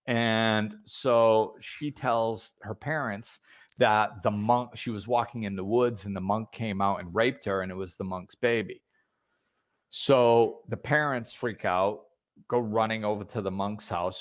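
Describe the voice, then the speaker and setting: A man with a fairly low voice talks through a spiritual story on a podcast. He rambles a little, circling back with fillers and restarted phrases as he goes. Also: steady tone, moderate pace. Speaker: podcast host. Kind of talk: casual spiritual talk.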